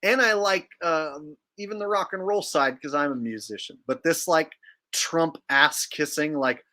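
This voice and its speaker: A man's voice: on the high side, measured pace, sharp tone. A young man hosting a casual commentary vlog, talking sarcastically and rambling, filling his sentences with "like". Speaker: vlogger and channel host.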